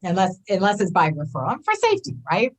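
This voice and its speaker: Woman, 50s, wellness coach guest; lively, chatty, acts out inner voices at an average pitch. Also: quick pace, poor audio. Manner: animated, acts out inner voices, often adds "right?". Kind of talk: casual conversational interview.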